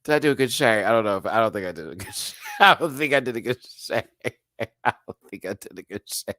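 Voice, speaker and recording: A man's voice: on the low side, fast, no echo. A man giving a live reaction review of a reality show, laughing often and breaking into impressions. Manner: animated, laughing, doing impressions.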